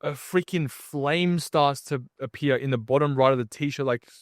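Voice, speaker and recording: A man's voice: medium pitch, normal speed, dry recording, studio quality. A man guesting on a podcast, telling a story in a casual, slangy way and acting out what other people said. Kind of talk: animated storytelling.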